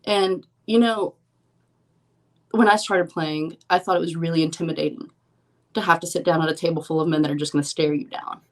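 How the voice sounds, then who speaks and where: A young woman talking casually on a podcast, her voice sitting a little low. She tells her stories in a loose, rambling way, peppered with "like" and "um". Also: steady tone, brisk. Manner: chatty storyteller, lots of "like" and "um". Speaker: professional poker player, podcast guest. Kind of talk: casual interview chat.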